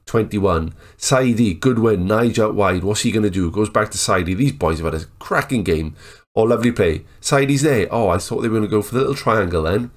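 A man giving casual, excitable commentary over a football management game, chatting and joking as the match plays. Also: fairly low pitch, fairly quick. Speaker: gaming YouTuber. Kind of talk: casual Let's Play commentary.

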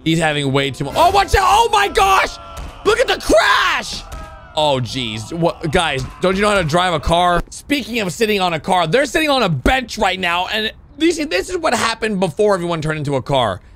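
Excitable high-voiced male reaction host. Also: soft background music. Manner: exclaiming, quick shifts between shouts and low asides.

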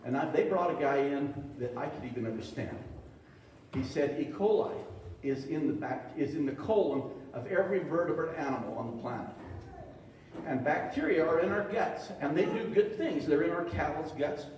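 A man's voice: fairly high pitch, expressive, moderate pace, a little mellow, a little hiss or hum. A man giving a folksy, joking presentation to a live audience, with acted-out quotes. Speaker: presenter at extension talk. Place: large echoey meeting hall. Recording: echoey hall recorded from far off.

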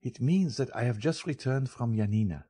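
A man voicing an earnest young male journalist in an audiobook, speaking in a measured, solemn way. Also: medium pitch, animated, husky. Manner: measured and solemn, gently explaining. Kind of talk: audiobook character reading.

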